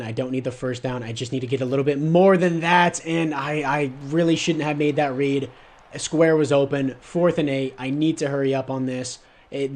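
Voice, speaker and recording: A young man commentating his own football video game play as a gaming YouTuber, calling each down and voicing frustration at his players. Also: medium pitch. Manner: narrates his own plays, flares into loud frustrated rants. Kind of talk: live gameplay commentary.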